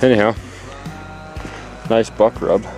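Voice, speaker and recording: Over music, a man with a lowish voice speaks in a steady tone at a slow pace. He's a breathless hunter doing a casual vlog outdoors in a forest clear cut, rambling anxiously with many fillers into a handheld camera kept close.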